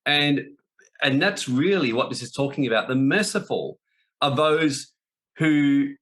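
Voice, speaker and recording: A man delivers a spiritual talk in a bright, forceful voice. He is blunt and emphatic, doubling up phrases to drive each point home, with his pitch sitting in an ordinary middle range. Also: unhurried. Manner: blunt, emphatic, repeats for stress. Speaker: spiritual teacher.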